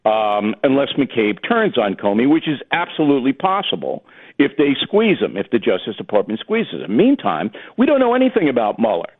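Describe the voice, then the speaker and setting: A man calling in as a radio guest, blunt and dismissive, talking in quick bursts. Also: medium pitch, wildly swooping pitch, breathy edge. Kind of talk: casual radio talk. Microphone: telephone. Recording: phone line.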